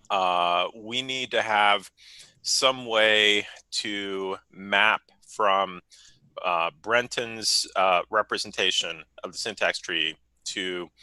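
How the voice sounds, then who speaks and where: A low-voiced man explains a coding problem on a video call, stalling on fillers and restarts. His tone is strikingly bright and sharp, and it sounds dry and close to the mic. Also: smooth, no echo, poor audio. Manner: hesitant, many fillers and restarts. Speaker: software developer. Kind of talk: technical explanation in a meeting.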